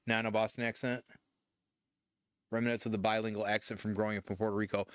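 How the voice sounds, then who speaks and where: Laid-back low-voiced man from Michigan. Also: level tone, quick pace, pauses often, clear, resonant tone, dry recording, clean studio sound. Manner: rambling, loose, swears casually. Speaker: streamer host. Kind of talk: casual chat while painting.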